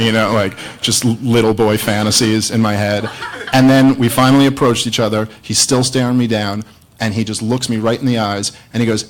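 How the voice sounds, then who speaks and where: A man's voice: mid-range voice, fairly quick, fairly bright tone, a little hiss or hum, poor audio. A man doing a stand-up comedy set, rambling and self-mocking as he tells a story to a live audience. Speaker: stand-up comedian opening a debate. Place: live venue with audience laughter.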